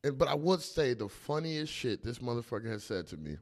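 A man's voice: mid-range voice, sing-song, a little fast. A young man, a teacher, chatting casually on a podcast, telling loose stories, acting out quotes and laughing often. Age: young adult. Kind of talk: casual chat.

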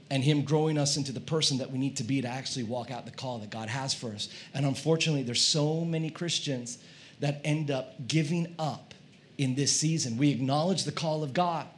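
A male pastor preaching a sermon, telling a comic story in an animated way and acting out his own shouting. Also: fairly high pitch, slight background noise. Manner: animated, acts out quoted shouting.

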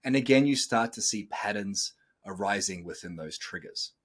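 A man's voice: fairly low pitch, lively intonation, moderate pace. A middle-aged man hosting a podcast, talking bluntly and coaching listeners, swearing freely. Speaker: podcast host. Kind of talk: casual podcast talk.

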